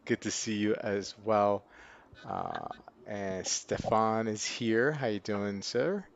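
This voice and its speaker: A man's voice: lowish voice, big pitch swings, takes it slowly, vocal fry, a little hiss or hum. Upbeat male host, muffled stream audio. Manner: upbeat, laughs often, rattles off greetings to chat viewers. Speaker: livestream host. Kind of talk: casual live-stream chat.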